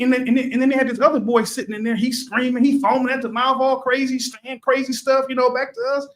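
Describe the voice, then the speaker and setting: A middle-aged man with a high voice tells a story on a podcast. He talks casually and with animation, repeating phrases and getting loud as he relives the moment. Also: fast, few pauses. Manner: animated, repetitive, gets loud retelling. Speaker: podcast co-host.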